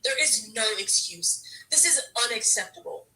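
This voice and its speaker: A woman's voice: on the high side, animated, moderate pace, sharp tone, recorded from a distance, slight background noise, rough recording. A woman football fan ranting to camera in a frustrated, exasperated way, stammering and restarting her sentences. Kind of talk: emotional fan rant to camera.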